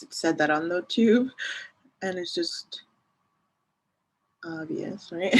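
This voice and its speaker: A woman's voice: fairly low pitch, animated, slow pace, long pauses, husky. A woman in her thirties talking casually in a beauty review, chatty and digressive, often laughing and reading product labels aloud. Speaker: beauty vlogger reviewing a face mask.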